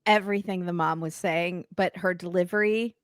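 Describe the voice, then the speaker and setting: A woman's voice: on the low side, fairly even intonation, normal speed, clear, resonant tone, dry recording, studio quality. A woman who is a guest on a podcast, talking in a chatty way about a reality show. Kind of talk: casual chat.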